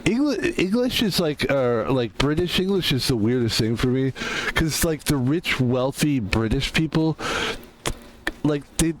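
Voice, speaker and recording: Chatty man with bouncy pitch. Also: animated, a little slow, slight background noise. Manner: rambling, laughing, joking asides. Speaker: streamer. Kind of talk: casual gameplay commentary.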